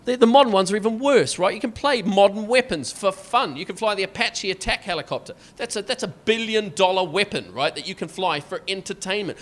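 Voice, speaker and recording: A Scottish man performing stand-up comedy, sarcastic and animated, often tagging his lines with "right?". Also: high voice, brisk, hardly any pauses. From Scotland.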